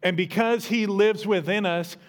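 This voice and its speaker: Man preaching, high-pitched, middle-aged pastor, conversational, punchy emphasis in church. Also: steady tone, unhurried. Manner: conversational, rises to emphatic peaks. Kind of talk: sermon.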